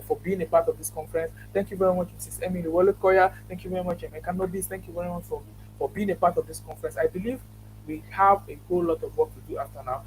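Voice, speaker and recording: Nigerian guy hosting an online conference, high voice, earnest and rambly, a little hum behind. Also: poor audio. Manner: earnest, many restarts and repeated thanks. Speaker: conference host. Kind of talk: closing remarks to an online conference.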